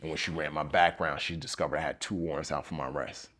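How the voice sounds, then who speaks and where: A man in a very low voice. As a podcast guest telling his story, he is animated and acts out what people said, with plenty of "like" and "you know" along the way. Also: quick pace. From the Bronx, New York. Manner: animated storyteller, acts out quotes, many fillers. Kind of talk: storytelling interview.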